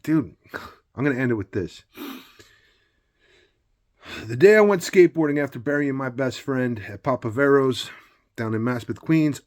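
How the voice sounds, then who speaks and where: A man talking in a loose, blunt, rambling personal monologue, often filling with casual asides. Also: medium pitch. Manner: blunt, loose and rambling, full of "you know what I mean".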